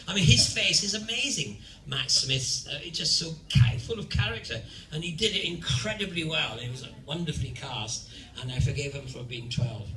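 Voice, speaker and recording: Here the older man with a Scottish accent, still a convention panel guest, spins playful stories for the audience, laughing as he goes. His voice is on the high side, caught by a distant mic against a noisy background in an echoey, crowded convention hall.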